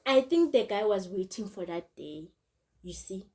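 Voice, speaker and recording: A woman's voice: medium pitch, lively intonation, normal speed, darkish tone. A young woman, telling a storytime vlog in a chatty way, repeating herself and often calling out to her viewers. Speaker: vlogger.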